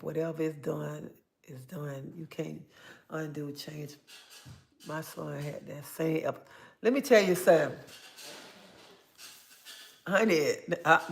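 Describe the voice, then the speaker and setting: An older woman hosting a casual livestream, reading viewer comments aloud and telling stories in a chatty, animated way. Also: deep voice, vocal fry. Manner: chatty, animated storytelling with bursts of excitement. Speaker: livestream host.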